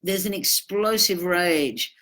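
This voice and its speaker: A woman, giving an informal talk about relationships. She speaks bluntly and casually, and acts out the lines people say with sudden animated bursts. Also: fairly low pitch, takes it slowly. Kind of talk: informal spoken talk on narcissism.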